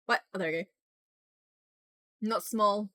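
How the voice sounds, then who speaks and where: A young woman live-streaming a game, chatting loudly and excitedly with her viewers. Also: medium pitch, measured pace, no room sound, clean studio sound. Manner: excitable, loud, bursts into squeals greeting chat. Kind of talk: casual live-stream chat while gaming.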